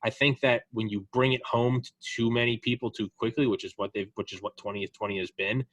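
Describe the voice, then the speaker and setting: A man in casual political chat on a podcast, animated and profane, acting out the people he quotes. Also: mid-range voice, fairly quick, dry recording.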